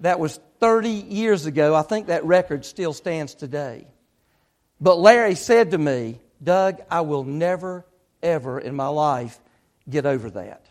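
High-voiced man preaching a story. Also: animated, measured pace, a little mellow. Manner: retells a story with lots of quoted speech. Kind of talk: sermon storytelling.

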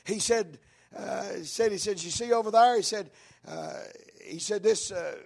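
Preacher, man, gravelly and husky, high voice, builds to shouts; for a sermon. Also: expressive. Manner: preaching cadence, rising into shouts, drawn-out words. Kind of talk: fiery sermon with storytelling. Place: church.

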